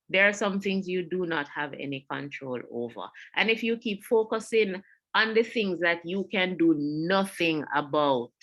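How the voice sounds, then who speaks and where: A woman's voice: lowish voice, fairly bright tone. A woman with a Jamaican accent giving a mental health webinar talk, earnest and repeating her key points. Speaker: webinar presenter. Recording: online webinar audio.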